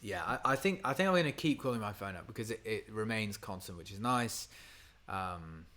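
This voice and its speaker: With a fairly low pitch and lively intonation, this man speaks briskly in a bright, forceful tone. He's a singer-songwriter streaming a session, musing aloud while writing a song, drifting off mid-thought and testing lines quietly.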